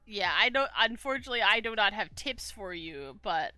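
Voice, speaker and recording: A woman chatting casually on a stream, supportive and quick to agree. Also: mid-range voice, animated, pushed and bright, no echo, soft background music. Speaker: co-streamer friend.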